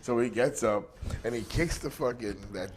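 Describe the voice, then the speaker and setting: A man's voice: mid-range voice, moderate pace, noisy background. A middle-aged man, a pro wrestler, telling a crude road story as an interview guest, swearing constantly and laughing through it. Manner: profane, laughs through his own stories. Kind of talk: casual storytelling anecdote.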